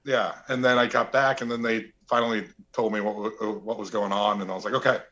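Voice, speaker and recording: A man, an actor and interview guest, telling relaxed anecdotes and acting out quotes. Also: lowish voice, a little fast, lo-fi sound, a crowd in the background. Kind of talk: casual interview storytelling.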